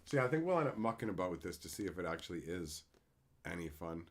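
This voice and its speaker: A man chatting casually with his livestream viewers, crude and joking, swearing freely as he tells animated bits. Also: sits low, quick pace. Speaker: streamer answering chat.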